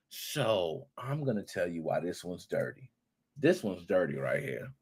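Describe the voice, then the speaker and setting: A man hosting a gaming podcast, talking in an animated, excitable way with playful rants and cursing. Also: deep voice, a little slow, breathy edge. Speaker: podcast host. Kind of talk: casual commentary podcast.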